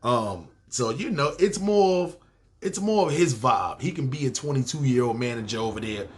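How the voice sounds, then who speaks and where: A man's voice: mid-range voice, lively intonation, moderate pace. A man with a New York accent, hosting a podcast and telling a story from his life in casual, profane street slang. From Harlem, New York. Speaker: podcast host.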